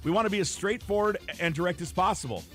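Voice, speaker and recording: A man's voice: high voice, fast, faint music behind. Wry man hosting radio. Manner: wry, joking, drops into deadpan asides. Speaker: radio host. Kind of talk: casual morning radio banter.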